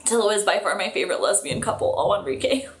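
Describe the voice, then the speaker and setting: A young woman chatting casually on a live stream, reading out viewer comments in a chatty, excitable way with fillers and quick laughs. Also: mid-range voice, slight background noise.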